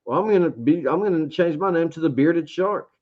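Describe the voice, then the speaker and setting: A man's voice: fairly high pitch, expressive, a little fast, darkish tone. Laid-back man telling a story. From Georgia, US. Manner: rambling storyteller, acts out his own past thoughts. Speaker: interview guest, beard reviewer. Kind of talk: casual interview chat. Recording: dull lo-fi sound.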